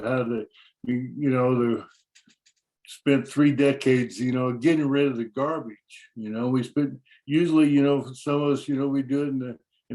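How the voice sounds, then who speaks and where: A man's voice: medium pitch, darkish tone, rough recording. An older man sharing at a recovery meeting from a small room at his desk, rambling and folksy.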